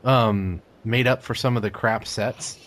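Rambling, excitable man in casual chat. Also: fairly low pitch, unhurried, a little hiss or hum. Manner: enthusiastic, rambling, profane.

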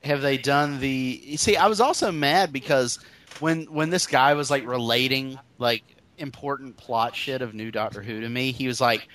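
A man's voice: medium pitch, normal speed, a bit bright. A man in casual podcast banter, cracking crude jokes and retelling conversations. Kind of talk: casual chat.

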